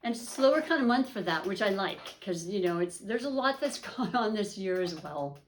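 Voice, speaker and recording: A woman's voice: mid-range voice, lively intonation, a little fast, a little hiss or hum. A woman hosting an astrology and tarot reading, talking to viewers in a chatty, upbeat way with many fillers and restarts. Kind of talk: casual spoken reading to camera.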